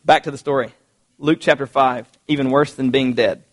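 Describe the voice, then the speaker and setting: A man preaching a sermon, reading scripture aloud and acting out quotes in a lively, conversational way. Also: mid-range voice, moderate pace. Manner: animated, conversational, acts out quotes.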